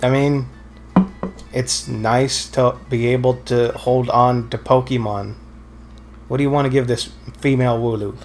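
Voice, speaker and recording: A man's voice: mid-range voice, fairly even intonation, measured pace, slight background noise. Rambling man chatting over a game. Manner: rambling, self-correcting, dry teasing. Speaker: let's play co-host. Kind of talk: casual gameplay commentary.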